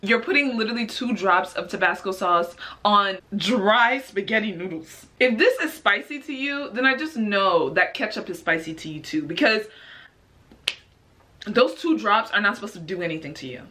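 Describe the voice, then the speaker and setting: A woman's voice: mid-range voice, expressive, moderate pace, bright, forceful tone. A woman hosting a reaction video, commenting in a casual, exasperated way and firing off incredulous questions.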